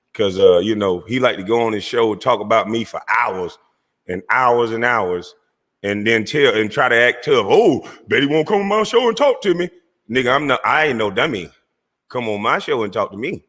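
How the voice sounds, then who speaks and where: Confrontational male streamer host, mocking tone, bright forceful voice. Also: medium pitch, big-room sound. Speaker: online show host. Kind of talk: heated livestream rant.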